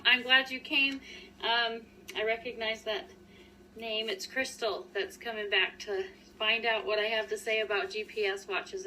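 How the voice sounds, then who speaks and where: A woman's voice: fairly high pitch, pushed and bright, distant mic, a little hiss or hum, poor audio. A woman in her forties, a running coach, chatting casually and upbeat to live viewers with lots of ums and restarts.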